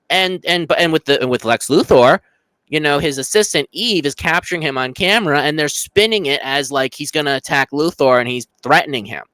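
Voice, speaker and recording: A man's voice: medium pitch, pushed and bright, clean tone, no room sound. A young man co-hosting a casual film review podcast, rambling with repeated words and acting out scenes. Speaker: podcast co-host.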